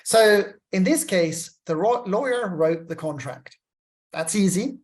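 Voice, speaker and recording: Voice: medium pitch, animated, measured pace. A lecturer teaching legal writing, reading example sentences aloud and naming each punctuation mark, with chatty asides to students. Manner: explains step by step, reads examples aloud with punctuation.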